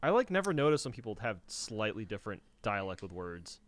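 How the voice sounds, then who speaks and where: A man's voice: lowish voice, sing-song, fairly quick. Rambling American man in casual chat. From United States. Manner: rambling, says he slurs words. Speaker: podcast guest.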